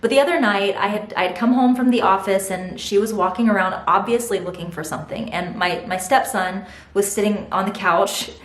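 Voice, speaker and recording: A young woman tells a family story to camera in a casual vlog, laughing easily and putting on the voices of the people she quotes. Her pitch sits in the middle for a woman. The room has a noticeable echo. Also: fairly quick. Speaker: vlogger. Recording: roomy echo.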